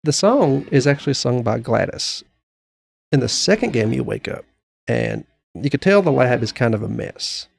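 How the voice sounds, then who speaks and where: A man's voice: mid-range voice, expressive, moderate pace, gravelly. A man co-hosting a podcast, casually retelling things in a rambling way with fillers and restarts. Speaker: podcast co-host. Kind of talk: casual chat.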